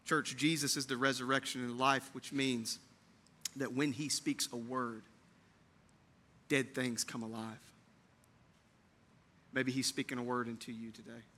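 A man preaching an Easter sermon to his church, moving between hushed, tender lines and loud, fervent build-ups, repeating phrases for emphasis. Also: mid-range voice, little pitch movement, measured pace, long pauses. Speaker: pastor. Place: church sanctuary.

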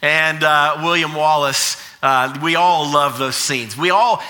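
A man preaching a sermon as pastor. He tells an energetic story with frequent fillers and restarts. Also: on the high side.

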